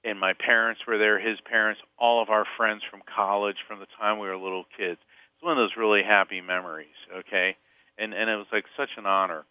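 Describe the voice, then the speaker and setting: A man from Central Florida telling a personal story as a podcast guest, lively and acting out the voices in it. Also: on the low side, fairly quick, clean tone, dry recording. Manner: animated storyteller, acts out quoted voices. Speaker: psychic medium and author, podcast guest. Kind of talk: storytelling interview. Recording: phone-line sound, dry.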